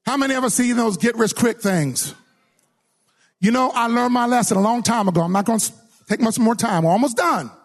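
A middle-aged man preaching a sermon, animated, telling a story and acting out the voices in it, often repeating and restarting words. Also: extremely high pitch, a little fast.

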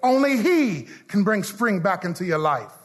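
A man a sermon, calling out to the congregation and leading call-and-response, his lines half sung and shouted. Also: high voice, big pitch swings, normal speed. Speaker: pastor.

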